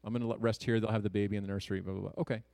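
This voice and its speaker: With a lowish, fairly flat voice touched by vocal fry, a thirty-something man from Ohio shares a personal story with an audience. He's sincere and chatty, tossing off quick jokes and quiet asides, and the recording has no room sound.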